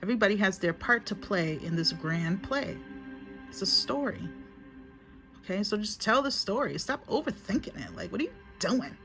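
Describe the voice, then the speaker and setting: A woman's voice: medium pitch, animated, normal speed, fairly bright tone, faint music behind. A woman giving a casual spiritual reading to a phone, chatty and emphatic, repeating herself and calling viewers honey. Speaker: spiritual reader.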